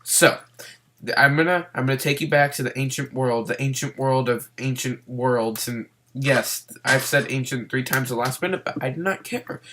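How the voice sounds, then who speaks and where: A man's voice: medium pitch, moderate pace, fairly bright tone. Rambling, hyper man playing a game. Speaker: gameplay commentator. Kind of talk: casual let's-play commentary.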